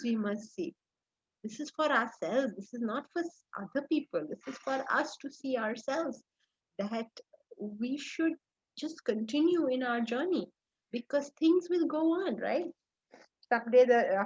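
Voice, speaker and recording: A woman with an Indian accent teaching a scripture class in a conversational way, often checking in with her listeners and repeating phrases in lists. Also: on the high side. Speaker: spiritual teacher. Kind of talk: scripture lecture. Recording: dull lo-fi recording.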